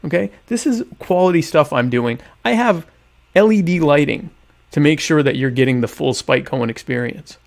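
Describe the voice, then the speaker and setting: Hosting a casual solo livestream from home over a webcam setup, a podcast host eats dinner as he rambles in a sarcastic, mock-grandiose way. His voice is a little high, expressive and gravelly, at a normal speed.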